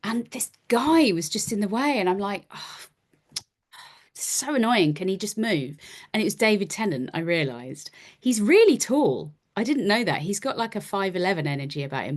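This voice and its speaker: A woman in her forties, a podcast guest and performer, telling casual self-deprecating stories and acting out her own lines. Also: medium pitch. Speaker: podcast guest, actor and musician. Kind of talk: casual anecdotal chat.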